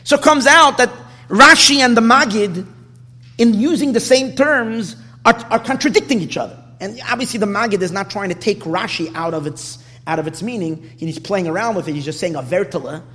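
Male Torah teacher, high and very lively voice, long hall echo. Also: a little fast. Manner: animated, questioning, restarts often. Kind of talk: Torah class lecture.

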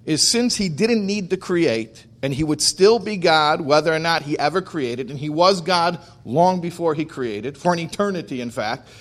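A man speaking as a rabbi, telling stories about faith with slow, emphatic delivery. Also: a little high. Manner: animated storyteller acting out dialogue. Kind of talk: storytelling talk on faith.

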